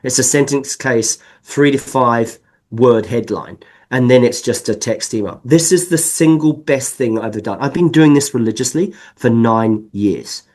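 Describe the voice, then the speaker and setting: A man from England with an accent mixed with New Zealand, speaking as a guest in a podcast interview and explaining at length in an animated, emphatic way. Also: medium pitch, moderate pace. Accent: mixed English and New Zealand. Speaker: sales consultant guest.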